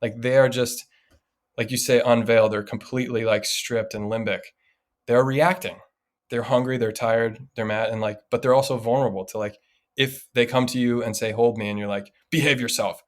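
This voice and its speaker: Male podcast co-host, 30s, casual animated storyteller, medium voice. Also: mid-range voice, normal speed. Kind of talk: casual chat.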